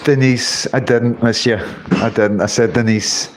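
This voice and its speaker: A man's voice: medium pitch, measured pace, noisy background. A man hosting a casual livestream chat, greeting viewers one by one by name in an informal way. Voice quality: informal, uses local words. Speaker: livestream host.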